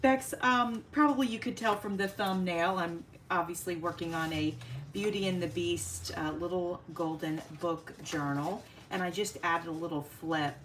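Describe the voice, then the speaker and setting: A woman hosting a casual craft livestream, chatting warmly with viewers by name and laughing often as she works. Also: on the low side, moderate pace, slight background noise.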